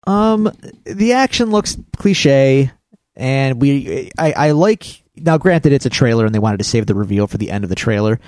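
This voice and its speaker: A man co-hosting a podcast, talking in a rambling, animated way with many restarts. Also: mid-range voice, moderate pace, no room sound. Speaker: podcast co-host. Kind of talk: casual chat.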